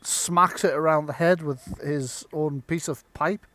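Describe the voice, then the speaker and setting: A man narrating as game master of a live-streamed tabletop game, halting with ums while he tallies dice and describes the fight. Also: on the high side, fairly even intonation, pushed and bright, no echo. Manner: halting, full of ums and restarts while tallying rolls.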